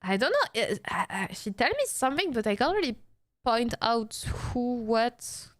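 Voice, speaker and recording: A young woman streamer, reading game lines aloud and reacting excitedly while thanking her chat. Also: a little high, moderate pace, no room sound.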